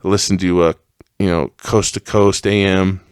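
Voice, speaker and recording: A young man hosting a solo podcast, ranting with heavy profanity and a voice that climbs higher as he gets worked up. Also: level tone, moderate pace, clean tone, dry recording, clean studio sound. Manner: profane, heated rant that rises in pitch. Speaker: podcast host.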